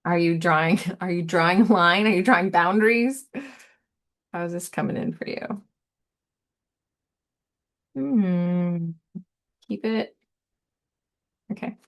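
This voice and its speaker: A woman giving a casual, meandering tarot reading, soft and giggly, repeating words playfully. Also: fairly low pitch, slow pace, long pauses. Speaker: tarot reader.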